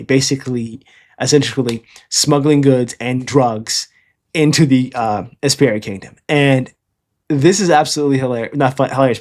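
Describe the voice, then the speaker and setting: A man casually retelling a comic chapter in a loose, rambling way, often tagging his lines with "all right?". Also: mid-range voice. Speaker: manga reviewer.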